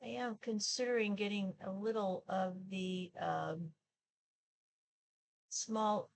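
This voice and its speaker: A woman in her sixties chatting casually while she applies her makeup for a get-ready-with-me video. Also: medium pitch. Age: 60s. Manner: slow, chatty, talks while applying makeup. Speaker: beauty vlogger.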